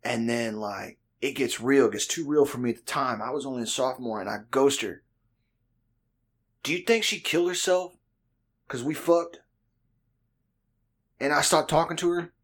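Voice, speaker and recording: Man doing a young male friend, earnest, self-absorbed, solemn, husky. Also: mid-range voice, moderate pace, long pauses, lightly acted.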